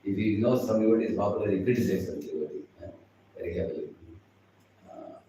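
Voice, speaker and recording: Low-voiced Indian man teaching in a hall. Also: fast talker, background noise. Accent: Indian English. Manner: chatty, laughs often, acts out quoted speakers. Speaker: spiritual teacher. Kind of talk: devotional class talk. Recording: echoey hall, far from the mic.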